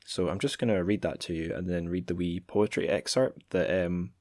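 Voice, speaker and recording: A man's voice: sits low, steady tone, normal speed, darkish tone, no room sound, studio quality. A man hosting a podcast in a chatty way, stumbling and restarting as he reads passages aloud. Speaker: podcast host. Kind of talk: casual podcast talk and reading aloud.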